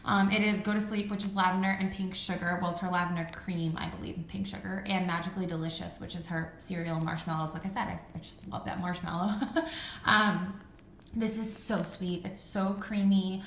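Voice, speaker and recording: Bright-voiced chatty woman, echoey room. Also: on the low side, level tone, brisk, slight background noise. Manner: chatty, rambling, frequent ums and likes. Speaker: vlogger reviewing wax melts. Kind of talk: casual chat. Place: home room with high ceilings.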